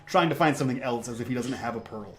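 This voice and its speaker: A man narrating as game master in a tabletop game, with halting, filler-heavy delivery. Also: medium pitch.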